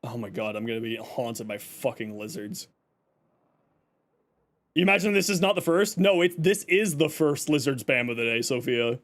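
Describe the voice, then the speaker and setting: A man's voice: medium pitch, expressive, normal speed, fairly bright tone. A man from Canada live-streaming, chatting with viewers and reacting with joking exasperation. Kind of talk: casual live-stream chat.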